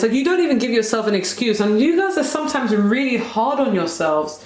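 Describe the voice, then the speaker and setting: A woman's voice: fairly high pitch, animated, a little fast, darkish tone. Emotional young woman in a roomy echo. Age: 20s. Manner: emotional, rambling, heavy use of "like". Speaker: tarot reader. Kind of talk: tarot card reading.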